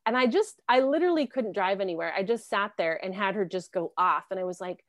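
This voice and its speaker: Telling personal stories as an interview guest, a woman from South America in her thirties or forties talks fast at medium pitch with lively intonation. She laughs a lot and acts out what others said, and the recording is dry.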